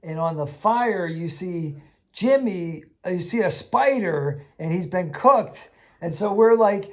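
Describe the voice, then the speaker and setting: Man telling a lively game anecdote. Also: sits high, unhurried. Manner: animated, laughing, acts out the voices he quotes. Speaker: game master teaching kids. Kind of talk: casual anecdote storytelling.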